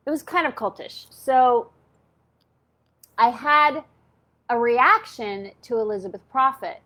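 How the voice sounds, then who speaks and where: A woman's voice: a little high, expressive, takes it slowly, a bit bright. A woman in her fifties telling a personal story in a candid, chatty way, full of "like" and "okay?". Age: 50s. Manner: chatty, peppers talk with "like" and "okay?". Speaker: channel host.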